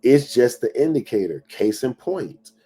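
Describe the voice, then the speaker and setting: Faint music plays behind a middle-aged motivational speaker whose dark, slightly rough voice swings widely in pitch at a measured pace. He preaches with emphatic repetition and occasionally whispers low to give voice to inner doubts.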